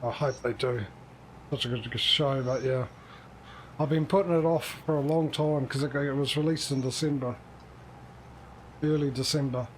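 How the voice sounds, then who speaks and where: A man's voice: medium pitch, steady tone, normal speed, pauses often, a little hiss or hum. A man streaming a game, chatting casually and joking at himself while he plays. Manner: chatty, self-mocking, talks to himself while playing. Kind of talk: casual gaming livestream chat.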